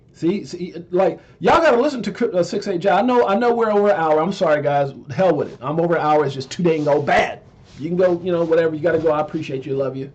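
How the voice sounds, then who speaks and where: A male crypto host talks in a casual, emphatic stream of commentary, stammering and circling back over his own words. His voice sits a touch high, and the audio is dull and lo-fi.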